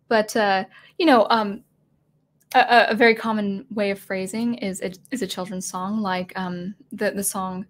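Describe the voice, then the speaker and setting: A woman's voice: mid-range voice, steady tone, moderate pace. A woman teaching music composition in a casual video lesson, thinking aloud with many fillers and restarts, her throat getting dry. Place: at home with a digital keyboard.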